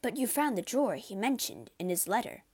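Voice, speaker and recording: A man's voice: high-pitched, sing-song, a little fast, breathy edge, dry recording, full character voice. A woman voicing a worried, earnest male friend in a storybook reading. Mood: concerned. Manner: earnest, concerned.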